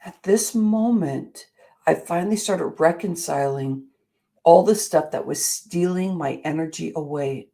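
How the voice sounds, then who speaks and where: A woman's voice: low-pitched, measured pace, creaky, warm tone. A middle-aged woman hosting a motivational show, telling a personal story in an earnest, emphatic way. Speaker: show host.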